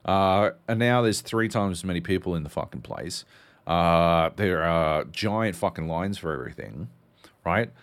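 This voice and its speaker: Lively, swearing podcast guy. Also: sits low, unhurried. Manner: animated, swears a lot. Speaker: podcast co-host. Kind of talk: casual chat, storytelling.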